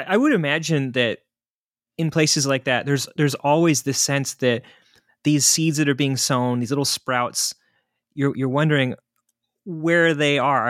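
A man's voice: medium pitch, fairly bright tone, no echo, clean studio sound. A man hosting a podcast, asking the guest long, thoughtful questions. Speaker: podcast host. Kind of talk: interview questions.

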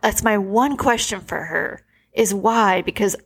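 A woman's voice: medium pitch, unhurried, slightly rough. A woman in her forties, the host, telling personal stories in an earnest, emotional way, full of "like". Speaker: podcast host. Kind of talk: casual conversational storytelling.

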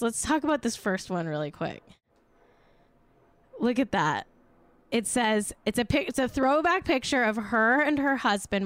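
A woman hosting a comedic gossip show, trading sarcastic jabs for mock-solemn, hushed asides. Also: fairly high pitch, no room sound, studio quality. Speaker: host.

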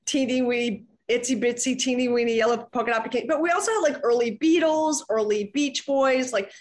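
A woman's voice: fairly high pitch, brisk. A middle-aged woman, a podcast guest, chatting casually and rambling with many restarts and fillers. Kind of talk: casual chat.

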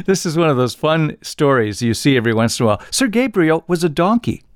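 A man's voice: on the high side, sing-song, a little fast, no echo, studio quality. A man hosting a casual trivia podcast, telling stories with frequent chuckles. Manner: storytelling, chuckles often. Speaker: podcast host.

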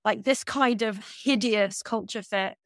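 A woman's voice: medium pitch, measured pace, no room sound. A woman co-hosting a casual podcast discussion, articulate and critical with a lightly wry edge. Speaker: podcast co-host.

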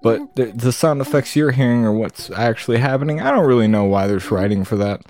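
A woman's voice: very deep voice, lively intonation, fairly quick, few pauses, dark tone. A woman commenting on a game playthrough in a dry, sarcastic, exasperated way. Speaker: game streamer.

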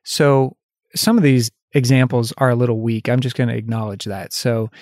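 A man in a middle pitch talks through a solo coaching podcast in an unscripted, conversational way. He laughs at himself now and then and brightens when voicing example phrases. The sound is dry and close, with no room around it. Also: fairly even intonation, normal speed, no room sound. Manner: lifts his voice when acting out example phrases. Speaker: life coach and podcast host.

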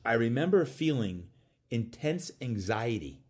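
A man, a coach and podcast guest, telling a personal story in an animated way and acting out bits of dialogue. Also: medium pitch, husky. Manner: acts out dialogue in quick voices.

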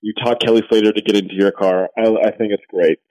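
A man's voice: fairly low pitch, fairly even intonation, fast talker, a little mellow, no echo, poor audio. A man co-hosting a podcast, chatty and supportive in casual conversation. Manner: chatty, supportive, easy-going. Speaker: podcast co-host. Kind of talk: casual chat.

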